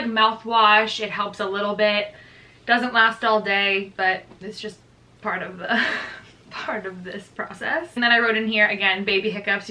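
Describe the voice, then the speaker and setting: A young woman, pregnant, talks through her week-by-week notes in a loose, chatty vlog style with plenty of "like" fillers. Her voice is bright and forward. She sits a bit away from the microphone, so the sound is slightly distant. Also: mid-range voice. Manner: chatty, lots of "like", reading from notes. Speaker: vlogger. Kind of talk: casual pregnancy update vlog.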